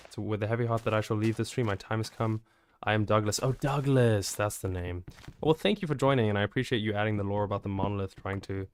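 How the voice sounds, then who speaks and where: A man's voice: fairly low pitch, noisy background. A man streaming a building game live, chatty and joking as he reacts to viewer messages. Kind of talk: live gameplay stream, answering chat.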